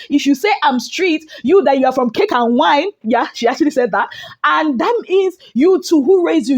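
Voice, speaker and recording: A Nigerian woman with a high, light voice recaps reality-show drama in a casual vlog. She tells it dramatically and acts out each quote along the way. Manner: dramatic, animated storytelling with acted-out quotes. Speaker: entertainment gossip vlogger.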